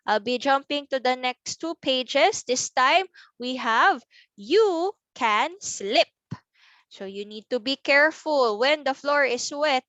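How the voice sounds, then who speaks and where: A woman teaching a preschool class on video, speaking slowly and clearly and sounding out letters one by one for small children. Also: sits high, fairly bright tone, no echo. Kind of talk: recorded class lesson.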